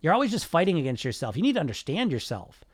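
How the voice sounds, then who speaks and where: A man's voice: fairly high pitch, very animated, no echo. A man coaching weight loss in an emphatic monologue, swearing freely and firing off rhetorical questions. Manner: emphatic, profane, rapid talk with rhetorical questions. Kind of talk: podcast monologue.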